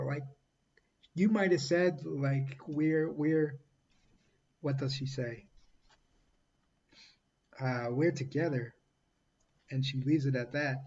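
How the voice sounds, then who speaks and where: A man talking casually through a book review, halting often with fillers and restarts and reading quotes aloud. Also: mid-range voice, darkish tone, lo-fi sound.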